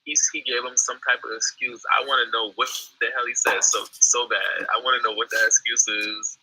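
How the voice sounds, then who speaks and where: A man's voice: medium pitch, little pitch movement, brisk, pushed and bright, husky, no echo, poor audio. A laid-back man chatting casually as a co-host, slangy and easily amused, heard over a remote call. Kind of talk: casual chat.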